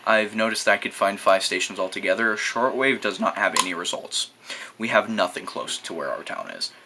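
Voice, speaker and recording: A teenage boy from New Mexico shows off a gadget in a casual vlog, his fairly low voice brisk and sharp over slight background noise. He rambles and hesitates with many fillers, swearing freely and using loose slang.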